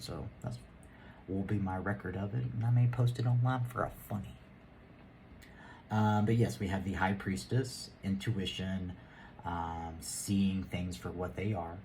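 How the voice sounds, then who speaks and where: A man's voice: low-pitched, fairly even intonation, normal speed, a little mellow, a little hiss or hum. A man giving a rambling, casual tarot reading, laughing and muttering asides to himself. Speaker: tarot reader.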